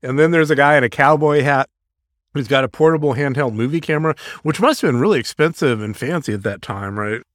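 A man co-hosting a podcast walks through an episode in casual chat, laughing often as he retells the scenes. His voice sits in a middle pitch. The sound is dry and close. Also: brisk, no echo. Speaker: podcast co-host.

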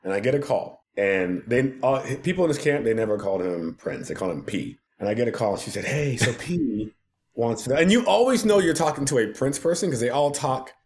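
Animated man telling stories with laughs. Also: medium pitch, fast, few pauses. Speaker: podcast guest. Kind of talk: casual storytelling.

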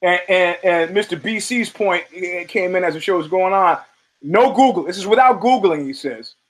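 A man's voice: high-pitched, moderate pace, a bit bright, rough recording. A male show host giving a blunt, rambling commentary monologue full of profanity and restarts.

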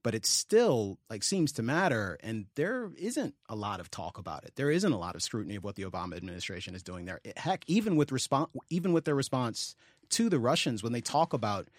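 A man on a podcast talking politics in a measured, analytical way, hedging with frequent ums. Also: mid-range voice, big pitch swings, no room sound, studio quality. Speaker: podcast co-host. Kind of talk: casual political discussion.

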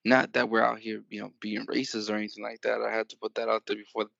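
Gravelly man stumbling through his thoughts. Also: fairly low pitch, level tone, fast talker, fairly bright tone, no echo, dull audio. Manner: hesitant, stumbling restarts, swears. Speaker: podcast co-host. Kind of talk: casual podcast chat.

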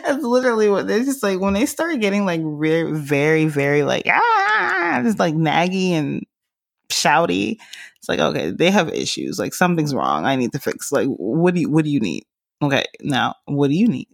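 A young woman hosting a podcast, chatting casually in a giggly, teasing, animated way. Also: deep voice, moderate pace, gravelly. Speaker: podcast host. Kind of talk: casual chat.

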